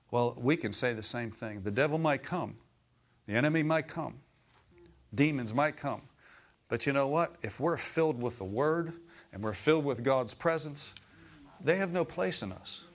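A middle-aged man preaching a sermon in church, folksy and animated, chuckling often and calling out for amens. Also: medium pitch, moderate pace.

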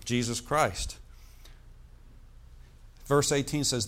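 A man preaching a sermon, slowing down to stress key words and asking the congregation "Amen?" between points. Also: medium pitch, animated, fairly bright tone. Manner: preacher's call-and-response with "Amen?" and "Praise the Lord". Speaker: pastor.

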